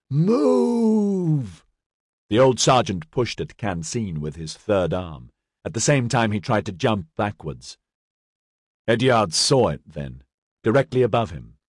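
A man reading scripted narration of a novel in a measured, dramatic way. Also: fairly low pitch, dry recording, clean studio sound. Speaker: audiobook narrator.

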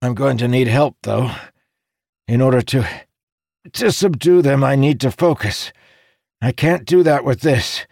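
A man voicing a wounded male conjurer who speaks in halting, strained bursts through pain. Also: medium pitch, animated, creaky, darkish tone, no room sound, clean studio sound, voice pushed up. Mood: determined.

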